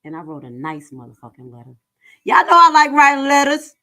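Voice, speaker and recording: Profane, animated woman streamer. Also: high-pitched, fairly quick. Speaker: livestream host. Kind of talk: uncensored livestream commentary.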